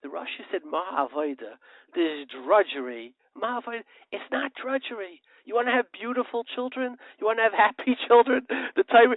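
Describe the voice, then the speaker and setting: A man's voice: sits high, no echo. A male radio show host giving an impassioned, preachy monologue, firing off rhetorical questions and telling parables. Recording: tinny phone-like line, dry.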